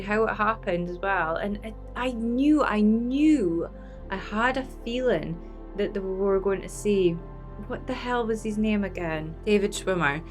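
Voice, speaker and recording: A woman talks through a casual reaction, gushing and emotional, her voice teary and broken by frequent laughter. Faint music plays softly behind her. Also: on the low side. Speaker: reaction video host.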